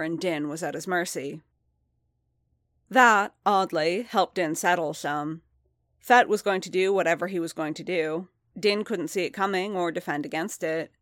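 A woman reading a story aloud in a steady, even narration. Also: fairly low pitch, no echo, clean studio sound. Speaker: reader. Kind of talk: audiobook-style story reading.

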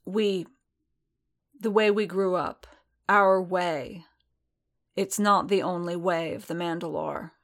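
A tired, troubled armored warrior speaks in a storybook reading, voiced by a woman. His lines come slow and subdued, low and measured, with no swagger left in him. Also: steady tone. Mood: weary, earnest. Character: weary male armored warrior, conflicted and quiet.

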